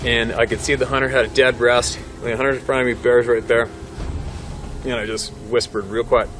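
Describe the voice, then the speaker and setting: A man's voice: mid-range voice, flat delivery, fairly quick, background noise. A middle-aged man, a hunting guide, telling a story vividly and laughing between lines. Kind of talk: animated storytelling. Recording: music playing under the voice.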